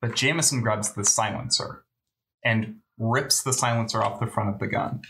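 A man's voice: on the low side, normal speed, bright, forceful tone, slight background noise, low-quality recording. Laid-back guy game mastering, lots of ums and uhs. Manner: casual, hesitant with many fillers. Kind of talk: narrating a tabletop game.

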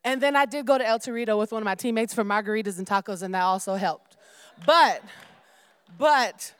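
Young woman preacher: casual sermon, smooth clear voice, dry close sound. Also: medium pitch, steady tone, racing, no room sound. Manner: informal, addresses listeners as y'all, prays and reads aloud.

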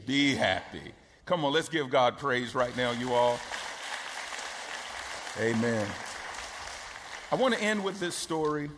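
Man, pastor preaching, slow deliberate delivery, long hall reverb. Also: mid-range voice, lively intonation, a crowd in the background, background noise. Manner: emphatic, rhythmic preaching with repetition. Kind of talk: sermon.

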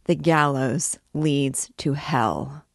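A grave, gloomy archdeacon in an audiobook reading, low-voiced and admonishing, as a woman reader puts him on. Dry close sound. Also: very slow, vocal fry, no echo, full character voice. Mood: warning. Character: stern gloomy middle-aged male archdeacon.

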